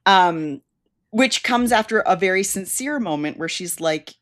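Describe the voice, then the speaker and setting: A woman's voice: fairly low pitch, moderate pace, fairly bright tone. A woman co-hosting a podcast in casual chat, recapping an episode, laughing and quoting characters expressively. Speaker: podcast co-host.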